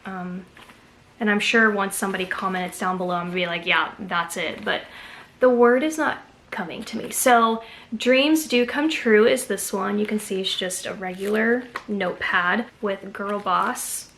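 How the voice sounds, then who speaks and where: A woman's voice: mid-range voice, normal speed, a bit bright, slight background noise. A woman from Texas chatting casually to camera as a haul vlogger, gushing enthusiastically over each find.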